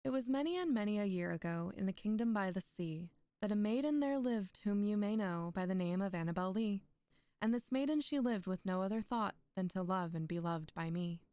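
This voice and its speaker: A woman's voice: mid-range voice, expressive, a little fast, warm tone, no echo. A young woman streaming a poetry reading, reciting poems aloud and breaking off into chatty asides with frequent laughs.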